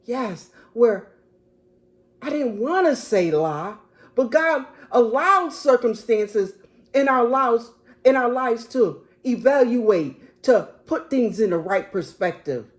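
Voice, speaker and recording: Female preacher with a high voice, slow and emphatic, who restates her phrases. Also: animated. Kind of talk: sermon.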